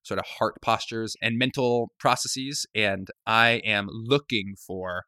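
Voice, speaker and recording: A man's voice: fairly low pitch, steady tone, slow, pushed and bright, no room sound, clean studio sound. A man hosting a podcast, talking in an earnest, searching way with many hedges. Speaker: podcast host. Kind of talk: reflective podcast talk.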